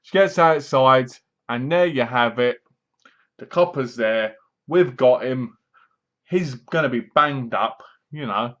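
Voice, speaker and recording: A man casually recapping a horror film, animated, acting out the characters' lines and laughing at his own jokes. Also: mid-range voice, takes it slowly, dull audio. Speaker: movie reviewer.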